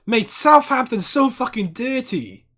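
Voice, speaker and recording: A man hosting a football watchalong livestream, giving casual live commentary, chatting to viewers and bursting into loud, sweary outbursts. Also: very high-pitched, a little slow. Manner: excitable, swears a lot, erupts in loud outbursts at fouls; chats to viewers by name, reads chat aloud.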